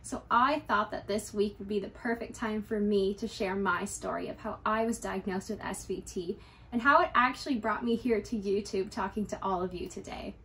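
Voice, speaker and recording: A woman's voice: medium pitch, steady tone, normal speed, a bit bright. A young adult woman candidly telling a personal story to her vlog viewers, conversational and lightly humorous. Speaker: YouTuber.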